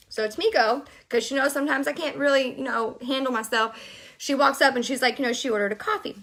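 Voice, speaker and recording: High bright-voiced woman venting. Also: brisk. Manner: animated, exasperated venting. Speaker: vlogger. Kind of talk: casual storytelling.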